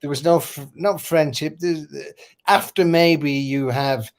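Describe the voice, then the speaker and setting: A man in casual conversation who talks haltingly, with many fillers. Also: a little high. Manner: halting, full of "you know" fillers. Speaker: guest.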